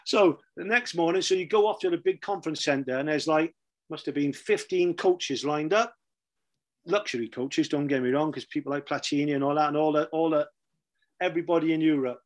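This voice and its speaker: A man's voice: on the high side, fairly quick. A middle-aged man with a Welsh accent telling casual anecdotes, laughing often and checking in with "right?" as he goes. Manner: chatty, laughs often, repeats "right?" for emphasis. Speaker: storyteller recounting his career.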